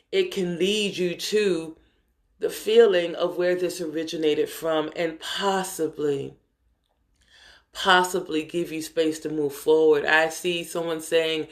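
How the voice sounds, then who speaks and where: Gentle, heartfelt woman spiritual teacher. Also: fairly low pitch. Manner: gentle and heartfelt, addressing listeners as brothers and sisters of the light. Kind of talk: live-streamed spiritual talk.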